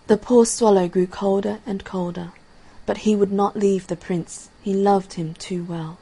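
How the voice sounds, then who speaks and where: A woman reading a fairy tale aloud in a gentle, measured way, giving the characters' lines softly. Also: medium pitch, steady tone, slightly rough, low-quality recording. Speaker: storyteller. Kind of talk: storybook reading.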